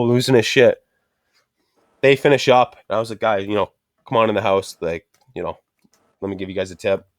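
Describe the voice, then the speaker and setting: A man's voice: fairly low pitch, dry recording, studio quality. A middle-aged man telling a frustrated story in casual chat, swearing constantly and ranting. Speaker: podcast host.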